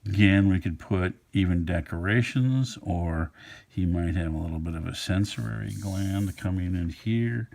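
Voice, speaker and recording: Low gravelly man narrating a drawing lesson. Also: measured pace, a little mellow. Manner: easygoing, musing, thinks aloud while sketching. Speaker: art instructor. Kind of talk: relaxed drawing tutorial narration.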